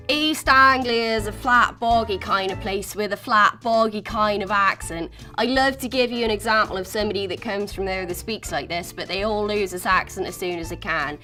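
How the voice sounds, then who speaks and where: A woman's voice: medium pitch, expressive, fairly bright tone, soft background music. A woman with a Received Pronunciation accent, hosting and chatting playfully about accents. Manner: chatty, playful, quick switches into character voices. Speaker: host. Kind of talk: presenting and demonstrating accents.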